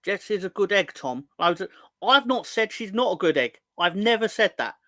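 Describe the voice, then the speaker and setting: His voice is high, expressive, and fairly bright, delivered at normal speed with no room sound. The young man hosts a football fan stream, casually rambling and teasing the chat as he reads viewer comments.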